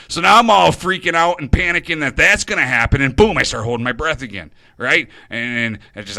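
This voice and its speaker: A man's voice: fairly high pitch, animated, normal speed, sharp tone, dry recording. A middle-aged man hosting an internet radio show, rambling nervously about himself in a confessional monologue, stumbling and restarting his sentences.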